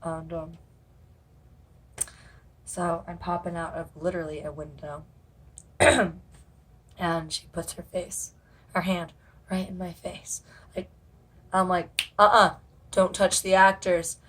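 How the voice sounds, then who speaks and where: A woman with a slightly low-pitched voice tells stories from her job at a haunt, chatting straight to camera. She rambles, restarts, and cusses without a second thought. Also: little pitch movement, slow pace, long pauses, a little hiss or hum. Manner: rambling, swears freely, lots of fillers. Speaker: haunted house actor. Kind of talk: casual storytelling vlog.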